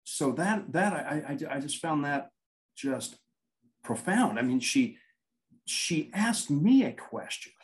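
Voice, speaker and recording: A man's voice: fairly high pitch, expressive, slow, low-quality recording. A man, a paranormal investigator, telling anecdotes in a casual interview, rambling and acting out quoted dialogue.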